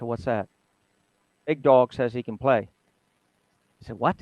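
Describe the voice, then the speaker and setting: Guest, older man, lively storyteller with a dry, close sound. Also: medium pitch, no room sound, muffled recording. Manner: animated storyteller, laughs often, mimics others. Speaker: retired athletic trainer, guest. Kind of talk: casual storytelling interview.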